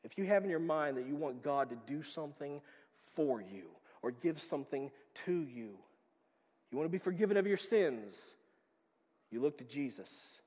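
High-voiced man preaching in a reverberant hall. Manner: emphatic preaching that swings from quiet to loud. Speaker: pastor. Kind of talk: sermon.

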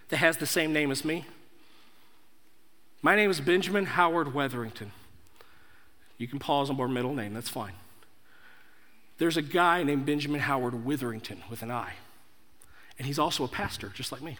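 A man's voice: fairly high pitch, pushed and bright. A young man preaching a sermon as pastor, emphatic, building through repeated declarations. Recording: echoey hall.

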